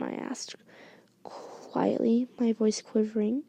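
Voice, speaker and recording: A young woman narrating a first-person fanfic story in a hushed, halting way, as a whispered story reading with some restarts. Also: a little high, fairly even intonation, creaky, highs cut off. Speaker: story reader.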